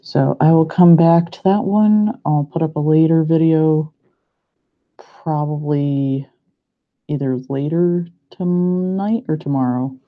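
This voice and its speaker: A man's voice: on the high side, fairly even intonation. A young man, a pharmacy student, thinking aloud as he works through practice problems and doubts himself. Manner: muttering to himself, unhurried, self-doubting. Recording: muffled lo-fi recording.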